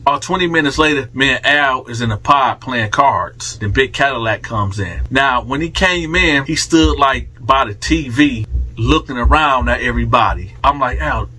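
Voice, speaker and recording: Husky-voiced man telling a storytime. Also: medium pitch, moderate pace. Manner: animated, slangy street storytelling. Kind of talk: casual storytime vlog.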